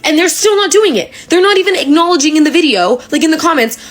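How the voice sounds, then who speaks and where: A young woman with a fairly high voice rants hard at the camera. She is blunt and fired up, and she swears freely. Her delivery is punchy and direct. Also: lively intonation, fast talker. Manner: fiery and emphatic, swears freely. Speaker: social media creator. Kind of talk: angry direct-to-camera rant.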